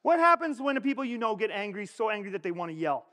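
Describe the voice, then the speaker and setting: Male pastor, pitched high, chatty sermon delivery with long hall reverb. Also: quick pace. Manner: animated, conversational preaching with frequent rhetorical questions. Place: church.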